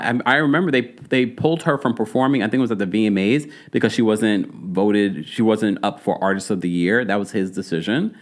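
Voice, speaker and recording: Animated Jamaican man chatting to viewers. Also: mid-range voice. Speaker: celebrity news commentator. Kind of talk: casual chat.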